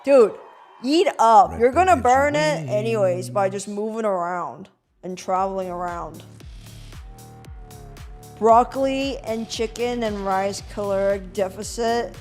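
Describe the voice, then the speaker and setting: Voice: medium pitch, a little slow, soft background music. A streamer chatting casually and swearing freely, musing aloud over a watch party at home.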